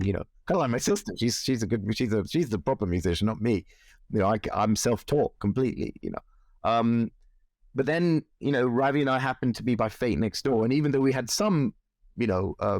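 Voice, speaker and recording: A man in his forties, a musician being interviewed, telling animated stories with frequent laughs. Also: on the low side, no room sound, clean studio sound. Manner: animated anecdotes, laughs often, acts out quoted voices. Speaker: musician guest. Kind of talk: casual interview storytelling.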